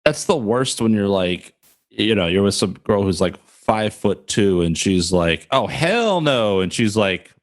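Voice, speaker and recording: A man's voice: fairly low pitch, a little slow. A man hosting a podcast in a casual, jokey, laid-back way, often saying "like" and "you know". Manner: jokey, laid-back, says 'like' and 'you know'. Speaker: podcast host. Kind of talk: casual chat.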